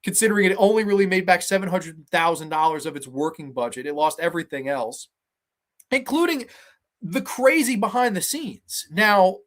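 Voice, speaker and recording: A man in his twenties hosting a show, telling stories and reviewing movies in an animated, profane, rambling way. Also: high-pitched, moderate pace. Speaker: host. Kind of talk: casual storytelling and movie commentary.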